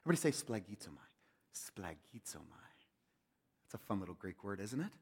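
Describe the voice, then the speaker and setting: A man's voice: lowish voice, very animated, racing, breathy edge. Preaching man in a reverberant hall. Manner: swings from loud urging to hushed near-whispers. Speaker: pastor. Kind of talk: sermon.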